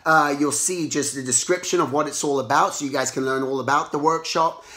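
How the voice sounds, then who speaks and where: Man, hoarse, slightly high pitch, rambling casual talk, roomy echo. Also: brisk. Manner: rambling, animated, restarts often. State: hoarse, lost voice. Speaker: artist and show host.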